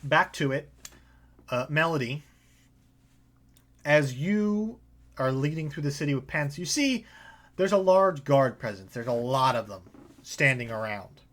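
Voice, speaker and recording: A man's voice: on the high side, expressive, unhurried, long pauses, fairly bright tone. A man narrating as game master in a tabletop game, casual with many fillers.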